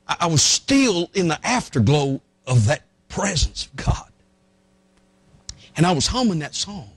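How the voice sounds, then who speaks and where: A man preaches through a personal story, his pitch sitting high for a man and leaping around as he acts out each moment. He is folksy and emotional, slipping into a hymn now and then. The sound is close and dry, with no room around it. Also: no echo. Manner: folksy, emotional, breaks into song. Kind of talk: storytelling sermon.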